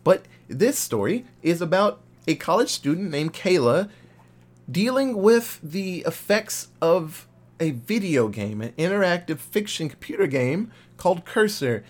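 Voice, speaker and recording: Young male podcast co-host, casual and profane, animated film chat. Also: sits high, unhurried.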